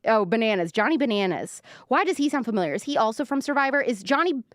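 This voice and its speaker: A woman's voice: a little high, expressive, quick pace, no echo, clean studio sound. Chatty young woman gossiping on a livestream. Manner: chatty, gossipy, heavy use of "like", reads viewer comments aloud. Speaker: livestream show host. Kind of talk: casual pop-culture commentary livestream.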